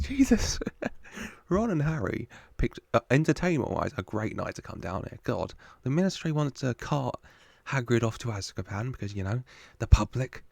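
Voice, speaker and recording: A man's voice: mid-range voice, vocal fry, no room sound. A man hosting a casual film reaction, chatty, joking with the screen and laughing often. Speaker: reaction video host.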